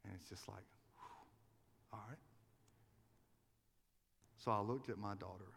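A man's voice: fairly low pitch, fairly even intonation, a little slow, creaky, a bit bright, slightly rough. A man preaching a sermon as a pastor, earnest and confessional as he tells personal stories. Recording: long reverb of a large hall.

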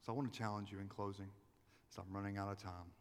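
A man's voice: fairly low pitch, steady tone, quick pace, clean tone. A man preaching a sermon as a pastor, earnest and confessional as he tells personal stories. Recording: long reverb of a large hall.

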